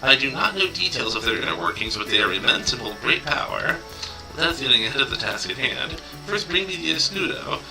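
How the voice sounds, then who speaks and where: A man voicing a stern adult woman weaponsmith and commander from a video game, speaking in a measured, formal way. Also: medium pitch, sing-song, creaky, music in the background, rough recording. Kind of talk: reading game dialogue aloud on stream.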